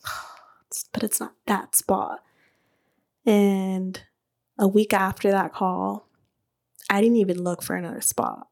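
A woman hosting a podcast, telling her own story in a casual, animated way. She fills her talk with "like", laughs often and swears freely. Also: mid-range voice, vocal fry. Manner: chatty and animated, many "like" fillers, laughs. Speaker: podcast host and beauty business owner.

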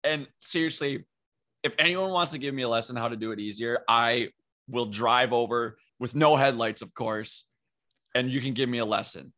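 A man's voice: medium pitch, normal speed, sharp tone. A young man co-hosting a podcast, ranting animatedly and swearing in casual chat. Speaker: podcast co-host.

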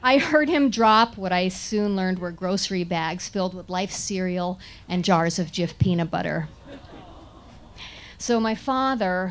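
A woman telling a funny first-person story in an animated way, often laughing and sounding indignant. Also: medium pitch.

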